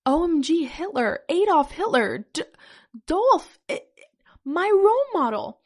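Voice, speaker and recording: Woman doing a dim-witted man, brash, shouty, gushing, comic story voice. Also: high-pitched, level tone, moderate pace. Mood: squealing.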